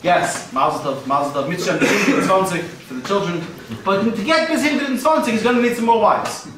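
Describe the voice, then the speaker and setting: A man's voice: high voice, animated, moderate pace, far from the mic, noisy background. A man performing a rambling stand-up set for a live audience, joking and sprinkling in Yiddish and Hebrew terms. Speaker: stand-up comedian. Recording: echoey room recorded from afar.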